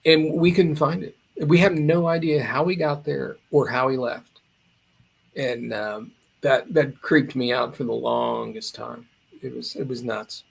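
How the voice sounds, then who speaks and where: A man's voice: mid-range voice, fairly even intonation, unhurried, creaky, slightly rough. A man in his fifties from Indiana, a drummer telling a story as a podcast guest, rambling with many fillers and restarts. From Indiana, USA. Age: 50s. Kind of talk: casual storytelling.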